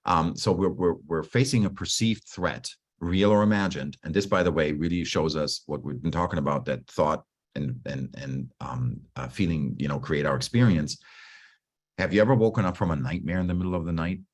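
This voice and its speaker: A man with an extremely low pitch talks at normal speed, coaching a group on stress during an online video-call session. He's conversational and relaxed, restarting sentences often and acting out what he says to himself.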